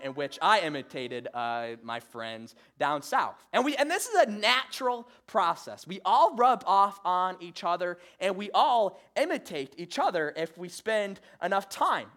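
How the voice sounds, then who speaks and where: Young Midwestern male pastor, slightly high voice, casual halting sermon delivery full of fillers. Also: a bit bright. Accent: Midwestern American. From Michigan. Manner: halting, many "uh" fillers, self-deprecating humor. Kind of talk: conversational sermon.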